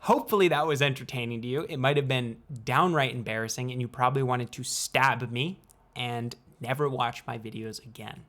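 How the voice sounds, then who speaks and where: A young man, a student video creator, explaining things in a casual vlog, playful and unhurried, with deliberate pauses. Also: mid-range voice, fairly bright tone.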